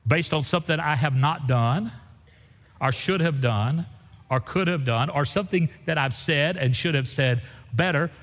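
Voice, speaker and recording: A man preaching a sermon, folksy and animated, his voice climbing sharply when he presses a point. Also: mid-range voice, breathy edge. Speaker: pastor. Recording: reverberant hall.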